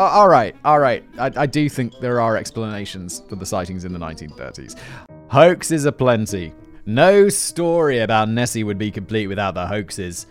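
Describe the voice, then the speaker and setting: A man presenting a scripted narration, often breaking off into chatty, self-deprecating tangents. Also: medium pitch.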